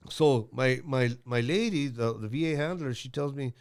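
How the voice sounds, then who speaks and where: A man's voice: mid-range voice, moderate pace, clear, resonant tone. A man in his sixties telling a rambling story as a guest, blunt and profane, with lots of fillers and restarts. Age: 60s.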